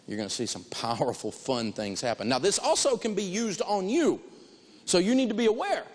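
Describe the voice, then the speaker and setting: A man giving an animated talk on negotiating, telling personal stories and repeating key phrases for emphasis. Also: medium pitch, brisk, big-room sound. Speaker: financial speaker teaching negotiation.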